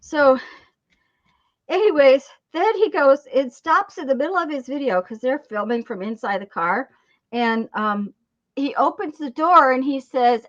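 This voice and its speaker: Rambling chatty woman, slightly high voice. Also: animated, measured pace. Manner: rambling storytelling with many fillers and restarts. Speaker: craft channel host. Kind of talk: casual live-stream chat while crafting. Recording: dull lo-fi sound.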